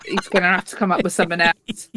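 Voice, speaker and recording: A woman's voice: on the low side, little pitch movement, quick pace, pushed and bright. A young adult woman, co-hosting a podcast in casual chat, sweary and laughing often. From Cornwall. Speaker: podcast co-host.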